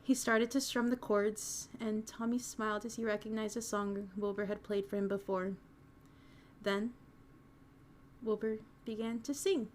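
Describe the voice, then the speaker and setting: A woman's voice: medium pitch, level tone, measured pace, a little hiss or hum. A young woman streamer reading a fan story aloud and chatting, giggly and emotional. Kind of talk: casual chat and reading fan fiction aloud.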